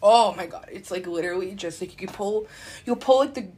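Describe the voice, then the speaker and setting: A woman's voice: medium pitch, brisk, darkish tone, husky. A young woman co-hosting a podcast in casual chat, tearful and laughing through her tears as she talks. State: crying at times. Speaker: podcast co-host.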